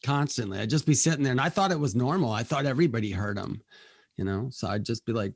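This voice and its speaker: A man in a casual podcast interview, telling stories in a chatty, animated way and acting out the quotes, on a close studio mic. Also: mid-range voice, quick pace, husky, dry recording. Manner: chatty, animated storyteller who acts out quotes. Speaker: guest, spiritual medium.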